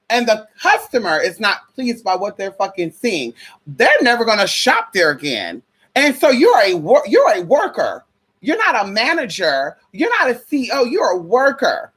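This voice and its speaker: A woman's voice: medium pitch, a bit bright, husky. A young adult woman from the United States in a casual opinion rant, sassy and profane, calling listeners honey and girl. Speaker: spiritual vlogger.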